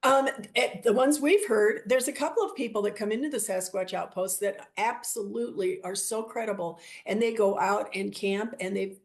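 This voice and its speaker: Woman with a gravelly voice telling stories in an interview, doing little voices for the people she quotes. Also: mid-range voice, normal speed, few pauses. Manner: animated storyteller, acts out quoted voices. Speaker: guest, shop owner. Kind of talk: storytelling interview.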